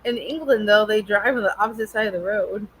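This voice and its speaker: A woman's voice: mid-range voice, brisk, fairly bright tone, slight background noise, low-quality recording. A woman hosting a casual book chat, giggly and agreeable. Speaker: podcast host. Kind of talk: casual chat about books.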